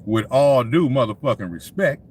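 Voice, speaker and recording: A man's voice: medium pitch, expressive, normal speed, slight background noise. A man hosting a sports talk livestream, ranting casually with lots of profanity and frequent laughter as he talks to his chat.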